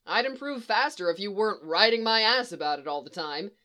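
A grumpy, impatient young Jedi knight, as a woman reader puts him on, grumbling and brusque. Her lively voice swings up and down through his lines. It sounds like a storybook reading. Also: mid-range voice, normal speed, lightly acted.

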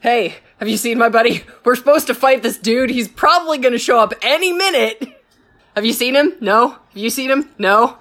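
A woman's voice: fairly high pitch, animated, moderate pace, fairly bright tone. A woman putting on the voice of a boastful, cocky male arena champion who talks in a brash, eager way.

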